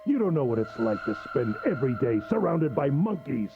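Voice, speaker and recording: An actor playing a sadistic, mocking male captor who speaks with gentlemanly politeness in a video game. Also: mid-range voice, very animated, brisk, dull audio, soft background music. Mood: taunting. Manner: polite, taunting, cackling.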